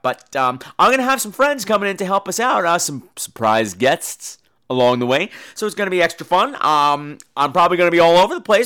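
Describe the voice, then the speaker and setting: Man, podcast host, casual monologue, swearing storyteller, lively swooping pitch. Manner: animated, profane storytelling.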